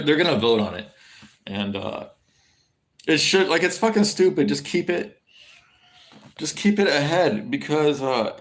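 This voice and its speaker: A man chatting casually on a livestream, rambling and swearing freely, with many fillers and restarts as he answers viewers. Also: mid-range voice. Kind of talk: casual stream chat.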